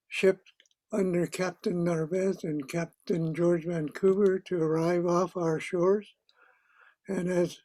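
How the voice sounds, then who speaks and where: Older man, elder, ceremonial welcome, slow, mellow, dry close sound. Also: high voice, no room sound. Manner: slow, measured, with pauses. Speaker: elder giving land acknowledgement.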